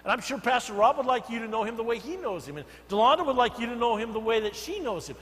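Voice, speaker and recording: An older man, a senior pastor, preaching a sermon, telling stories and swinging between soft asides and loud emphatic bursts. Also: extremely high pitch, animated, quick pace, long reverb tail, rough recording. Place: church sanctuary.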